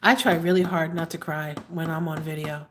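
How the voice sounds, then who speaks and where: A woman in her fifties hosting a live tarot stream, talking slowly and haltingly with many fillers, sometimes emotional. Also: sits low, level tone, slight background noise. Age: 50s. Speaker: tarot reader hosting a livestream. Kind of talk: live-stream chat answering viewers.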